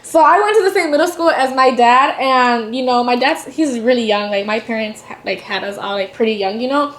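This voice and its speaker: A woman's voice: on the high side, a bit bright, roomy sound. A young woman from the Waukegan area hosting a podcast, chatting casually and chiming in with curious questions. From Waukegan area, Illinois. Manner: curious, chimes in with quick questions. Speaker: podcast host. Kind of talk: casual interview chat.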